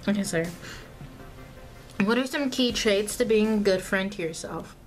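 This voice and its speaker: Talking into her camera mic at home, a young vlogger chats casually, rambling, self-correcting and full of fillers and asides. She has a medium-pitched voice at a moderate pace, with soft music playing in the background.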